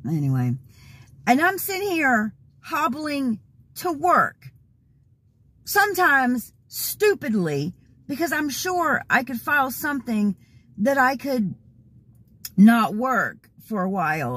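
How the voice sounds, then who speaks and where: A hoarse, worked-up woman venting casually to her vlog audience with exasperated, laughing asides. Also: high voice, a bit bright, no room sound. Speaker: vlogger. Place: in a car, then at home.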